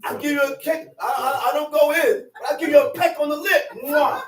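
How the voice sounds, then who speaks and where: A man teaching a Bible class as a preacher, animated and often shouting, with laughs between points. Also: very high-pitched, quick pace, a little hiss or hum. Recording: roomy sound from a distant mic.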